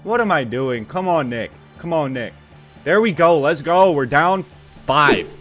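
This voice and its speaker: A fairly high-voiced man commentates on his own basketball video game, swinging between excitement and exasperation as he scolds the players on screen. His talk is casual and full of slang and swearing. Faint game music plays behind him. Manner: excitable, quickly frustrated, talks to the players on screen. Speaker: gaming channel host.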